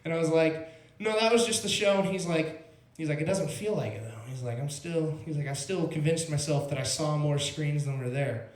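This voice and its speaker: At a small club's open mic, a young comic with an expressive voice on the high side tells a meandering, easygoing story at normal speed. He leans heavily on "like" and "bro," and the room's acoustics come through in the recording.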